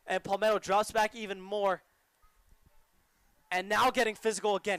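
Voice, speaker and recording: A high school boy calls a lacrosse game play by play, his voice high and smooth. He rattles off the plays quickly and gets louder whenever the action heats up. The sound is close and dry. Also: little pitch movement, no room sound. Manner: rapid play-by-play calls, rising when the action picks up. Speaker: play-by-play commentator. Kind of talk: student sports broadcast commentary.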